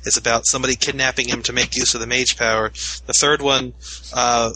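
A man in casual conversation who speaks haltingly, with many false starts. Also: mid-range voice, level tone, bright, forceful tone, a little hiss or hum, poor audio. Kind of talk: casual chat.

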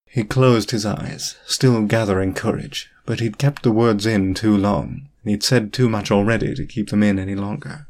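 A man narrating a story in an audiobook reading, with steady storytelling delivery. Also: fairly low pitch, normal speed.

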